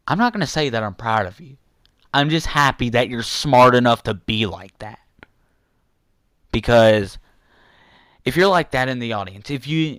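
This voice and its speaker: A man's voice: medium pitch, fairly bright tone, clear, resonant tone, no echo. A young man delivering an angry, repetitive rant to his viewers, insulting some people and apologizing to others. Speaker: youtuber ranting to viewers.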